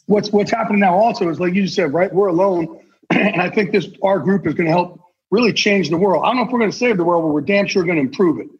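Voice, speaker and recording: The podcast guest, a sportswriter who covers the NFL from the inside, talks fast and earnestly in a high-pitched voice, with intensity and salty language. The casual conversation is recorded with dull, lo-fi sound and a slight hiss or hum.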